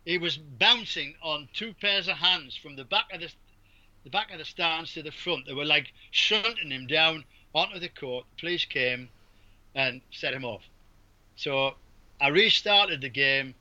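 With a fairly high, pushed and bright voice, lively intonation, and a slightly slow pace, an Englishman who used to referee basketball shares stories as an interview guest. He rambles, restarts, and laughs, heard through dull lo-fi audio.

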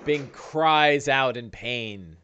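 A man narrating as game master, describing combat and breaking into loud monster voices. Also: medium pitch, drawn-out words, clean tone, muffled recording. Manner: lively narration with shouted orc voices.

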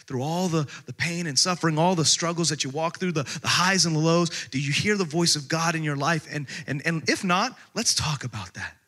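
A pastor delivering a sermon in a notably high, bright voice. He preaches emphatically, swinging from loud outbursts to hushed, intimate asides.

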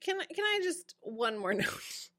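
A woman in casual chat, critiquing a show in an expressive, exasperated way. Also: a little high, unhurried. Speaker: podcast co-host.

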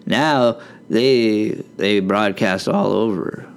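A man's voice: lowish voice, extremely slow, creaky, clean tone. A man co-hosting a podcast, laid-back and wry in casual chat. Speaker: podcast co-host.

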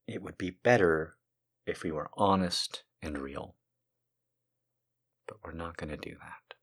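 A man's voice: low-pitched, measured pace, a bit bright, slightly rough. A man telling a story as a comedic monologue, a ranting, profane storyteller who makes sarcastic asides to the listener.

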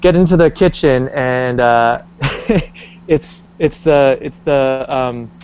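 A man's voice: medium pitch, takes it slowly, clear, resonant tone, highs cut off. A young man from Canada being interviewed, talking casually with lots of fillers and restarts. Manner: rambling, many restarts and fillers, animated when quoting.

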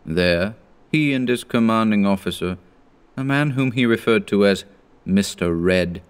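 A man in his thirties narrating a horror story in a measured, grave manner. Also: low voice, clear, resonant tone.

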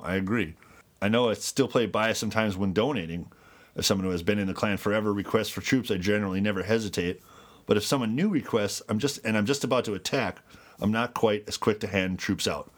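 A man's voice: lowish voice, fast. A man co-hosting a casual podcast, joking around and reading a listener's letter aloud with his own asides. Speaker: podcast co-host.

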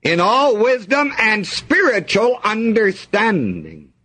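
A man's voice: high-pitched, sing-song, slow pace, sharp tone. A man preaching a sermon, reading scripture aloud and asking the congregation to fill in the missing words.

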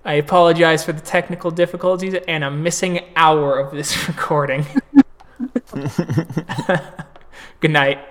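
A man's voice: on the high side, level tone, unhurried, pauses often, a bit bright. A man narrating a tabletop role-playing game as storyteller, describing the action in vivid, gory detail.

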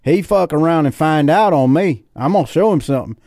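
A man with a Southern US accent voicing an outraged, threatening country man, ranting in a raised, high voice. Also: expressive, brisk, darkish tone, no room sound, studio quality.

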